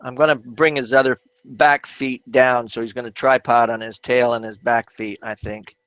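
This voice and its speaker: A man's voice: medium pitch, flat delivery, moderate pace, a bit bright, clean tone, no echo, highs cut off. A man hosting a live crafting stream, chatting casually while he works, often restarting and repeating words. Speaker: crafting channel host.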